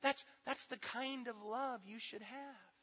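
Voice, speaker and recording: Guy preaching, high bright voice, big echoey church hall, kinda muffled sound. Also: slow pace, husky. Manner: emphatic, swinging between loud stresses and hushed asides. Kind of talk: teaching sermon. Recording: dull sound with long hall reverb.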